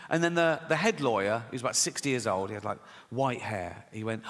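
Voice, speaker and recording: A man's voice: medium pitch, fairly quick, a bit bright, long reverb tail. A man doing a stand-up routine, sardonic and sweary, often breaking into laughter. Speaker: comedian.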